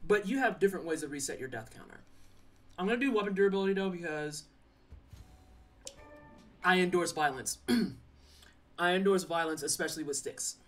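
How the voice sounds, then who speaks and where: Long pauses break up a mid-range voice moving at normal speed. The speaker is a young adult streamer gaming live, giving casual commentary that's playful, chatty and teasing toward chat. The mic is slightly distant, with faint game music in the background.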